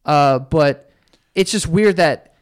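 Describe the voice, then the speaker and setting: A man with a fairly high voice talking sports in a relaxed group chat. He rambles and hedges as he thinks aloud, with lots of fillers. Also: slow, clean tone. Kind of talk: casual sports talk.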